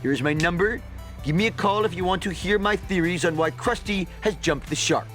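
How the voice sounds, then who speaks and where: An actor playing a pompous, nerdy middle-aged comic shop owner in a video game, speaking in a drawn-out superior manner. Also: male voice, high voice, music in the background, lightly acted. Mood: smug.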